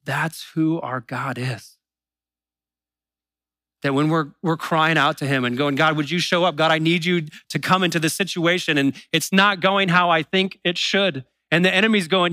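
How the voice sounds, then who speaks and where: Preaching casually and conversationally, this male pastor acts out the doubts of the faithful in brief asides. His pitch leans high, captured in a dry recording.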